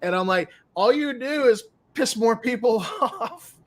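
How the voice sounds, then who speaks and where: A man co-hosting a casual chat show, speaking in a measured way with frequent hesitations. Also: very high voice, animated, a bit bright. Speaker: podcast co-host.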